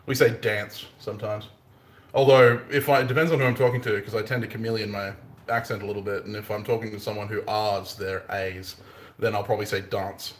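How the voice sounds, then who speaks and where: A man's voice: fairly low pitch, a bit bright, slight background noise. A man with an Australian accent, a bladesmith chatting casually on a live stream, joking and punning and laughing often. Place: workshop forge. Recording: roomy echoey workshop.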